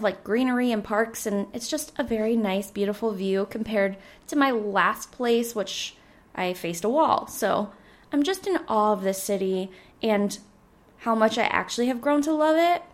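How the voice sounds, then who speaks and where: A woman in her twenties hosting a casual solo podcast, slightly hoarse, rambling and chatty with lots of filler words. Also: medium pitch, moderate pace. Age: 20s. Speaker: podcast host.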